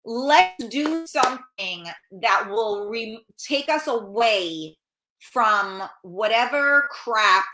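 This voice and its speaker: A woman's voice: a little high, expressive, very slow, bright, forceful tone. A middle-aged woman hosting a casual live stream, chatting bluntly and swearing freely while reading out viewer comments, with a runny nose. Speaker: talk show host reading viewer comments.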